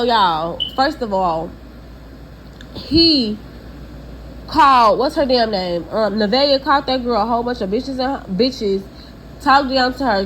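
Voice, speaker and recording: A young woman, giving blunt, profane, animated celebrity gossip commentary. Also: fairly high pitch, slight background noise, poor audio.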